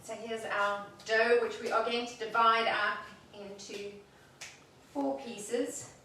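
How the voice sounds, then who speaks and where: A woman's voice: fairly high pitch, fairly even intonation, slow pace, pushed and bright, slight background noise. A woman hosting a casual home cooking demonstration, chatting cheerfully as she works. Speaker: cooking show host. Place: home kitchen. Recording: echoey room, mic far off.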